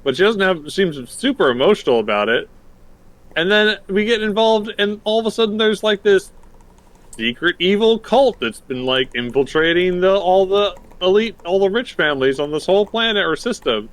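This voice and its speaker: A fairly high male voice rambles loosely as a tabletop player, stacking fillers and tangents. He sounds casual and chatty. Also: expressive, moderate pace. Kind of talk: in-character rambling recap.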